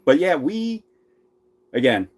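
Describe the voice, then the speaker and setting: A man's voice: fairly high pitch, very animated, slow pace. A man with a Philadelphia accent co-hosting a casual RV chat, rambling and laughing often. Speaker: RV vlogger co-host.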